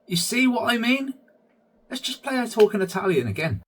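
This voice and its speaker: A man's voice: very high-pitched, big pitch swings, moderate pace, fairly bright tone, a little hiss or hum. A man hosting his own vlog, chatty commentary that keeps addressing viewers as guys. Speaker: channel host.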